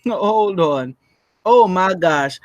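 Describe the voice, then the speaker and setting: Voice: medium pitch, animated, extremely slow, no room sound, highs cut off. A co-host in a casual commentary chat who laughs often, talks emphatically and preaches to the audience.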